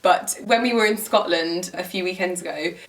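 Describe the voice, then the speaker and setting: A woman's voice: lowish voice, moderate pace, far from the mic. A young woman, talking to camera in a giggly, rambling vlog style with many fillers. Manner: giggly, rambling, heavy use of "like". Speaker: lifestyle vlogger. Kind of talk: chatty storytelling to camera.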